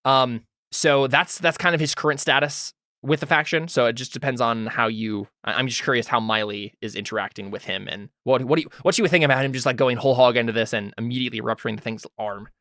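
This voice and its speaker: A fast-talking game master with a mid-range, sharp voice barely pauses while leading a tabletop role-playing game. He speaks loosely with plenty of fillers and questions the players about their actions, recorded in a studio with no room sound.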